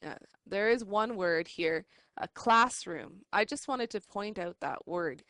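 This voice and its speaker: A woman's voice: medium pitch, creaky, a bit bright, dry recording. A woman teaching an adult English class, explaining step by step in a patient way with frequent ums and restarts. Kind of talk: recorded online class lesson. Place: classroom with online students.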